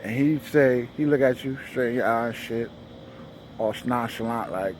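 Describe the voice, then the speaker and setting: A man's voice: normal speed, a little hiss or hum. A man hosting a comedy show, telling a loose, slangy stand-up monologue and acting out the people in his stories. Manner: loose slangy storytelling, acts out dialogue in shifting voices; sings a repeated show jingle in a high voice.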